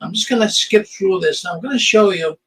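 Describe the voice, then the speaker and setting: High-voiced older male host, sarcastic and indignant, stumbles over his words. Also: a little fast, sharp tone, rough recording. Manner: indignant, sarcastic, stammering restarts. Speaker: commentary show host. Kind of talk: live commentary over video clips.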